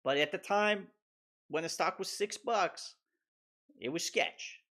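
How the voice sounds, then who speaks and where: A man's voice: sits high, lively intonation, slow, bright, forceful tone. A man in his thirties hosting a casual stock market livestream, rambling loosely with swearing and laughs. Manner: profane, laughing, loose and offhand.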